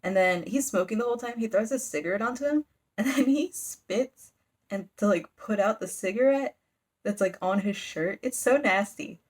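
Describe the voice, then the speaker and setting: A young woman at medium pitch and moderate pace rambles through a manga volume recap for her YouTube channel. Her casual, chatty style is packed with "like," and mid-story she briefly acts out what the characters say.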